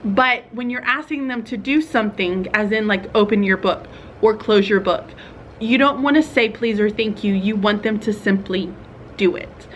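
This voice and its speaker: A young woman teacher, chatting casually to other teachers in a vlog and thinking out loud with fillers and small laughs. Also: medium pitch, normal speed, slight background noise.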